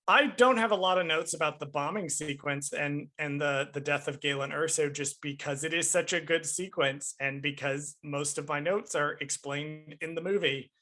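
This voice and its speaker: Bright-voiced man, animated podcast chat. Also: on the high side. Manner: animated, emphatic, swears casually. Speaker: podcast co-host. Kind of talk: casual review chat.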